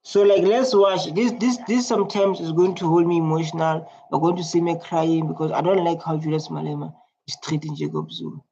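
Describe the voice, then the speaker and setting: A man with a South African accent giving casual, chatty reaction commentary, repeating himself and filling pauses with "like". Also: a little high, flat delivery, creaky, mellow. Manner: chatty, repetitive, filler-heavy. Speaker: YouTube reactor. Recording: lo-fi muffled home recording.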